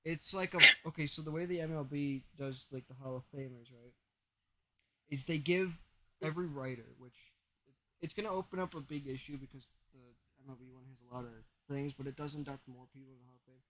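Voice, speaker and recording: A man's voice: medium pitch, fairly even intonation, fairly quick, poor audio. A young man co-hosting a podcast, chatting casually about sports and explaining things at length with plenty of restarts. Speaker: podcast co-host.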